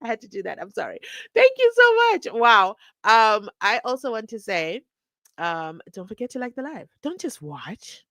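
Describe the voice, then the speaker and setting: A woman's voice: mid-range voice, animated, moderate pace, sharp tone, dry recording. A woman hosts a casual live stream, chatting and reading viewer comments aloud with frequent laughs.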